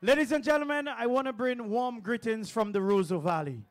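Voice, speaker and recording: A man's voice: very high voice, a little fast. A man with a Dominican accent, an attorney, giving an earnest, rousing political speech at an outdoor rally. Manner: earnest, rousing, lists place names.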